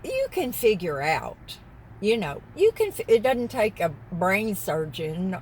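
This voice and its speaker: A woman's voice: lowish voice, a little mellow, a little hiss or hum, rough recording. A woman vlogger rambling casually from her parked car and getting sidetracked mid-story. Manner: chatty, wandering, easily sidetracked. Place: parked car in a parking lot.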